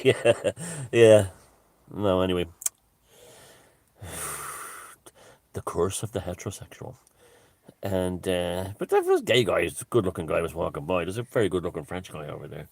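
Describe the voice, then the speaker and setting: Irish guy rambling on camera, deep voice, dry close sound, keeps going off on tangents. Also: lively intonation, gravelly, no echo. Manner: digressive, halting, many restarts and asides. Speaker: vlogger. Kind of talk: rambling casual monologue.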